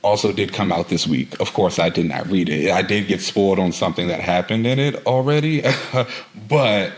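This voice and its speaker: Low-voiced man recapping a comic casually. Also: moderate pace, rough recording. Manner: rambling storyteller, heavy use of "like". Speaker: podcast co-host. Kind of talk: casual comic-book review chat.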